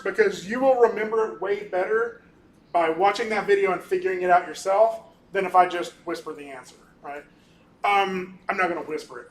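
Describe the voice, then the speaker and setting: A male animation instructor lecturing casually through a software demo, often ending points with "right?" and pausing on "um". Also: high-pitched, a little hiss or hum. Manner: casual, talkative, keeps tagging on "right?"; frequent ums and restarts. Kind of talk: recorded class lecture with screen demo.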